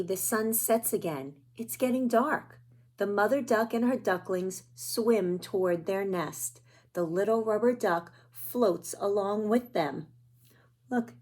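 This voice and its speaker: Slow, gentle woman storyteller. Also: medium pitch. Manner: gentle, slow and pointing out pictures. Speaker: children's storyteller. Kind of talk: reading a picture book aloud to children.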